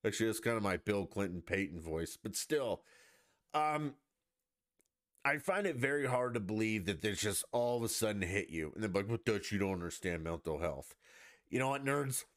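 A man's voice: on the low side, expressive, moderate pace, fairly bright tone, no room sound, studio quality. A man hosting a podcast, ranting in a blunt, profane and mocking way in a casual monologue. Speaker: podcast host.

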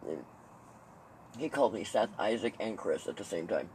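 Animated man telling stories casually. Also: lowish voice, fairly quick, husky, poor audio. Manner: animated storytelling, swearing, laughing, mimicking others. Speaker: podcast host. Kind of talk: casual chat.

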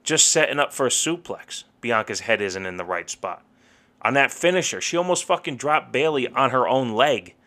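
A young man with a bright, forceful voice rants heatedly on a casual podcast. His delivery is profane and blunt, full of frustrated asides and swearing, in an ordinary middle pitch. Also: expressive, moderate pace. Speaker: podcast co-host.

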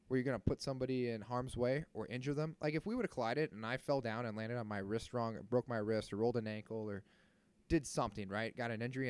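A man in his thirties hosting a podcast, telling a story in a casual, animated and indignant way and swearing freely. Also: mid-range voice, smooth, no room sound. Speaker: podcast host.

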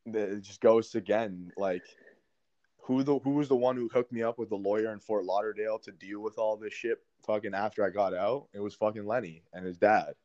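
A young man with a fairly low voice tells a story to a podcast host, swearing freely and filling pauses with "like". The recording is dry and somewhat dull. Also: fairly even intonation, a little mellow, no echo. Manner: profane, many fillers. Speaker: podcast guest. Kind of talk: casual storytelling. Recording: dry, slightly dull sound.

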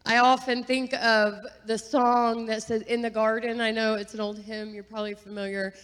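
Lady telling her church testimony, kinda high voice, lots of ums and little laughs, big echoey sanctuary. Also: flat delivery, moderate pace, clean tone. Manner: earnest, chatty, with fillers and soft laughs. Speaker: guest giving testimony. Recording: long reverb of a large hall.

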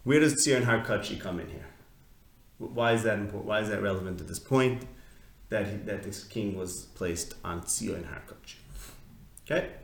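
A man's voice: fairly low pitch, normal speed. A man teaching a text study class in a conversational, questioning way, often restarting his sentences. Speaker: Torah teacher. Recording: echoey room.

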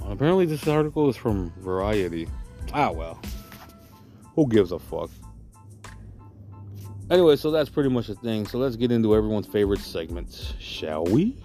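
A man hosting a podcast vents in an aggressive, swearing rant. He keeps filling his talk with "you know what I mean." His voice sits fairly low, with a little music faintly under it. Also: very animated, normal speed, long pauses, warm tone. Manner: filler-heavy, keeps asking "you know what I'm saying". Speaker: podcast host. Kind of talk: profane ranting monologue.

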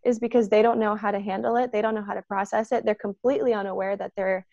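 A woman talking about energy and consent in a casual spiritual chat. She is animated and acts out the voices of the people she quotes, with a lot of "like" and "um". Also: mid-range voice, fast, no room sound, muffled recording.

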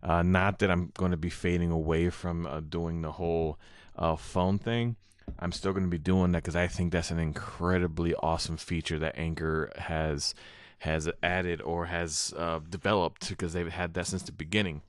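Young male podcast host, very low and smooth, rambling and apologetic, close dry mic. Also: fairly even intonation, moderate pace, dry recording. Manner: rambling, many fillers and restarts, apologetic. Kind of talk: unedited solo podcast talk. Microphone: own microphone into recording software.

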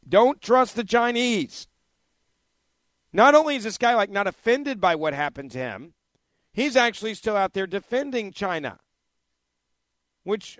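A man hosting a political commentary show, talking emphatically, repeating points and breaking into loud outbursts. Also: high-pitched, no room sound. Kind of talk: opinion commentary.

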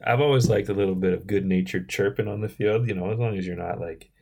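A man in his thirties co-hosting a casual podcast chat, talking in a relaxed, rambling way full of "like" and "you know.". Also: on the low side, fast, creaky, slight background noise. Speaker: podcast co-host.

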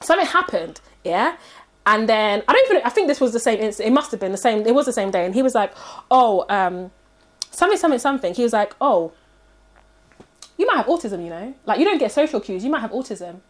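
A woman tells a story in casual chat, fast and slightly high. She acts out the other people with lively quoted voices. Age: 30s.

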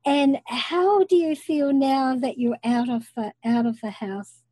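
A woman hosting an interview podcast, speaking calmly and in an affirming way. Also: sits high, unhurried, slightly rough, no echo. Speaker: podcast host.

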